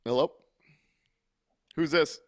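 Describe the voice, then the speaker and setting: A man's voice: a little high, takes it slowly. A man co-hosting a call-in hockey post-game show, talking bluntly in casual chat, exasperated and swearing freely.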